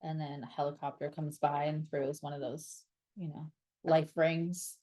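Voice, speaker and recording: A young woman talks through a tarot reading in a loose, chatty way. Her voice sits a little low, and she is blunt and sarcastic, with a casual curse now and then. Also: level tone, moderate pace, dark tone. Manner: sarcastic, blunt, swears freely. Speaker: astrologer and tarot reader.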